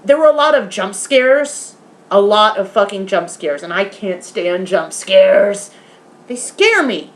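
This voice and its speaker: A woman in a casual vlog, retelling a horror film's ending in animated detail, swearing often and now and then softly talking aside to her pet. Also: mid-range voice, takes it slowly. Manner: animated, swearing, retelling scenes with quoted voices. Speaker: vlogger. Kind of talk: casual movie review vlog.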